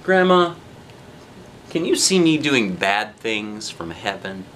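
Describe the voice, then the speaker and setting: A man voicing a grieving young boy, earnest and curious, in a raised, wavering childlike pitch. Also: big pitch swings, slow, a bit bright, a little hiss or hum, exaggerated voice. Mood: worried.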